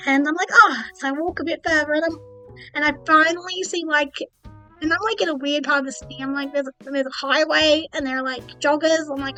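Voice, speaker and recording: A woman's voice: sits high, fairly even intonation, a little fast, pushed and bright, soft background music, rough recording. A young woman streaming as a VTuber, telling a rambling story and acting out her own thoughts as quoted asides.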